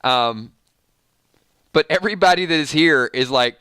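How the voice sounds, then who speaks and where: Bright, crisp Georgia-accented man. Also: fairly high pitch, unhurried, pauses often, dry recording, clean studio sound. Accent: Georgia, US South. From Georgia, USA. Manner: easygoing, chuckles often, folksy. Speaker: show host reading viewer chat. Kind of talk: casual live-stream chat.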